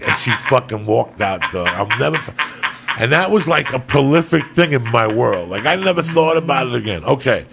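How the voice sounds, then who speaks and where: A man's voice: medium pitch, expressive, fairly quick, vocal fry, background noise. A man, a comedian and podcast host, telling a long profane story in a rambling, loose way.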